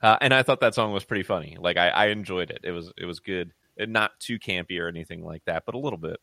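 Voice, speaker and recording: A man's voice: low-pitched, quick pace, bright, forceful tone, no room sound. A man co-hosting a music podcast, talking casually and rambling with fillers and restarts. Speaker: podcast co-host. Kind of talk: casual music review chat.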